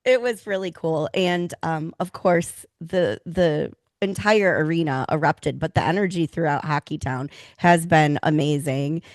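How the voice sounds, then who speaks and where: A woman's voice: sits low, measured pace, hardly any pauses, dry recording. Upbeat woman co-hosting a hockey podcast, dry sound. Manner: upbeat, leads the conversation with questions. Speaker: co-host. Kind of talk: casual podcast chat.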